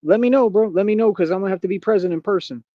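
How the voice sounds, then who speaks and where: A man's voice: high-pitched, racing, dry recording, dull audio. A man hosting a livestream, delivering a boastful, defiant and mocking monologue. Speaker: livestream host. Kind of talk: unscripted ranting monologue.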